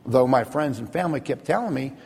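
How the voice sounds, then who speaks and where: A man, a minister, telling his personal testimony in an earnest, vivid storytelling manner, slowing down for emphasis. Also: medium pitch, lively intonation, vocal fry, a little mellow, husky, big-room sound.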